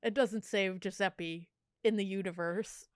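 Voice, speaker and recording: A woman's voice: medium pitch, measured pace, dry recording. A woman co-hosting a podcast, casually telling a true crime story with frequent laughter and a playful tone. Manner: animated, laughs often, tries a silly accent. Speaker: podcast co-host.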